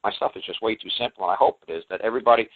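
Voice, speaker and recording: Man, radio talk show guest, folksy, emphatic, husky voice, tinny phone line. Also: on the low side, very fast, no echo.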